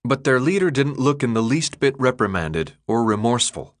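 Man, audiobook narrator, scripted narration, steady, even, mid pitch. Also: normal speed, hardly any pauses.

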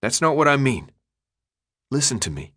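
A man voicing a gloomy teenage boy leader who mutters in a low, resigned way. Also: very animated, moderate pace, bright, forceful tone.

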